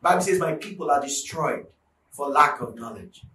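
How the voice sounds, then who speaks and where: A man preaching a sermon with emphatic repetition, building to shouts. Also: on the high side, animated, moderate pace. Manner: emphatic, repeats lines for force, swells to shouts. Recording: echoey room, mic at a distance, faint background noise.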